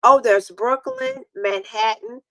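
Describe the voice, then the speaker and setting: Slightly high with huge swings in pitch, this woman speaks slowly in a somewhat bright voice, recorded dry. Hosting a laid-back live stream, the New Yorker chats playfully with viewers and laughs often.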